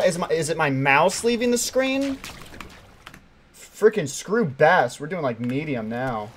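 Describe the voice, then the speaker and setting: A young man giving live commentary while playing a hard climbing game, excitable and swinging between quiet mutters and sudden yelps. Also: fairly high pitch, unhurried, slight background noise. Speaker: gaming streamer.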